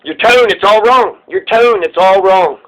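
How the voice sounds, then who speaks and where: A man's voice: high-pitched, unhurried, fairly bright tone, poor audio. A man voicing God as an arrogant, indignant deity who scolds a human with profanity. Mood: indignant, scolding.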